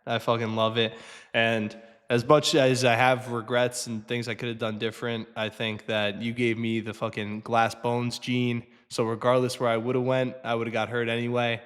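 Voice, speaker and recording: A man in his twenties with a New Jersey accent, co-hosting a casual chat, swearing constantly and mocking himself with animated energy. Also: medium pitch, moderate pace, big-room sound. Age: 20s. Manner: profane, animated, self-mocking. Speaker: co-host.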